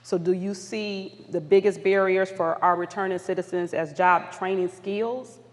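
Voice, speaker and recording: Her medium-pitched voice holds a steady tone at a normal speed while she runs polling questions for a community summit crowd. Upbeat and encouraging, she apologizes whenever she's flustered, and the big conference hall adds a long reverb.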